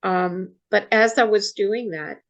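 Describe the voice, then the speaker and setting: A woman telling a personal story in a casual interview, soft-spoken and halting, often restarting her sentences. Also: mid-range voice, vocal fry, rough recording. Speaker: guest storyteller.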